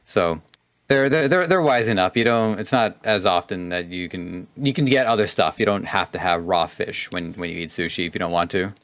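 A man co-hosting a podcast, explaining things haltingly with many fillers. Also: low voice, a bit bright, dry recording. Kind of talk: casual podcast chat.

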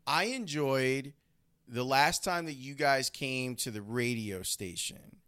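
A man's voice: mid-range voice, slow pace, sharp tone, clear, resonant tone. A middle-aged man hosting a podcast, interviewing his mother in an affectionate, teasing conversation. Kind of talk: casual interview.

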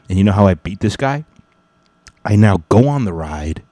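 A man's voice: deep voice, normal speed, warm tone, no echo. A young man telling a comic story casually, rambling and swearing freely, often correcting himself mid-sentence. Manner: rambling, profane, self-correcting.

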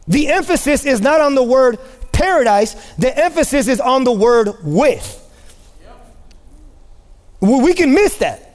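A man preaching a sermon as pastor to his church, impassioned and rising to shouts, repeating phrases for emphasis. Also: extremely high pitch. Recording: long hall reverb.

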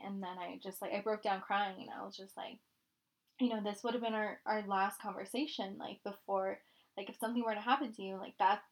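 A woman's voice: medium pitch, creaky. Emotional young woman podcast co-host. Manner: candid, emotional, swears freely. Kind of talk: casual chat.

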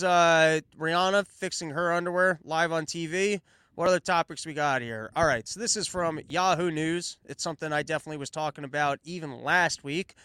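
A man's voice: a little high, pushed and bright, clear, resonant tone, dry recording. A man hosting his own show, commenting on the news in a sarcastic, profane rant. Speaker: podcast host.

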